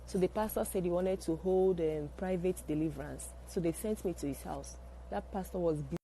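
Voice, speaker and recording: A woman giving a measured personal testimony and recounting her experience. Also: lowish voice, warm tone, poor audio.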